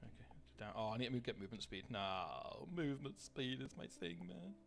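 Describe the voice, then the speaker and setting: Gravelly-voiced man streaming games. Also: medium pitch, very animated, brisk, a bit bright, faint music behind. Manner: rambling, swears, greets chat by name. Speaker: live streamer. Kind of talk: casual live-stream gaming chatter.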